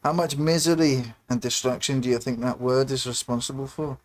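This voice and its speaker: A man's voice: medium pitch, fairly even intonation, fairly quick. A man hosting a livestream, chatting casually and rambling between musings and muttered asides. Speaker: livestream host.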